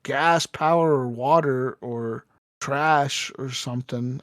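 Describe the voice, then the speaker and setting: A young adult man, a podcast co-host, telling a story in casual, profane, animated chat. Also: mid-range voice, slow pace, dry recording, studio quality.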